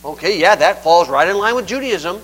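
Older male preacher, high and crisp voice, homespun conversational delivery. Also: lively intonation, moderate pace, a bit bright, rough recording. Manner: folksy, conversational, acts out scripture quotes. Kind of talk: sermon.

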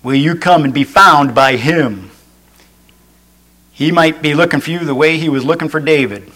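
A man's voice: a little high, normal speed, bright, forceful tone, rough recording. A male pastor preaching a sermon in an earnest way. He restates each point and adds folksy asides.

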